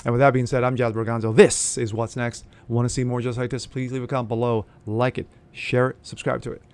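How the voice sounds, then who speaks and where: A man's voice: medium pitch, level tone, a little fast, a little mellow. A man hosting his own political commentary vlog, reading news aloud and then ranting his opinion in a blunt, profane, sneering way. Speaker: host of a political commentary channel.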